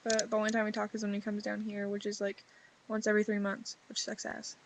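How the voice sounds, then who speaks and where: A woman's voice: medium pitch, monotone, fast talker, gravelly, background noise. A teenage girl who is sick, reading her journal aloud and then chatting in a rambling way full of fillers. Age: teens. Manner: rambling, filler-heavy teen talk. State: sick, voice lower than usual. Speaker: vlogger. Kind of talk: reading a journal entry, then casual confessional chat.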